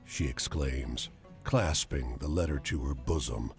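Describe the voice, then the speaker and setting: A man's voice: a bass voice, takes it slowly, gravelly, soft background music. A man streamer reading game narration aloud in a put-on Southern US accent, drawling like a storyteller.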